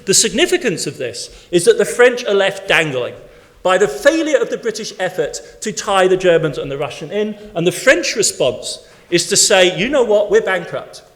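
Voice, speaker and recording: A man's voice: high voice, sing-song, normal speed, a bit bright. A man giving a keynote academic lecture to an audience in a conference hall. He speaks emphatically, building his points in rhythmic lists.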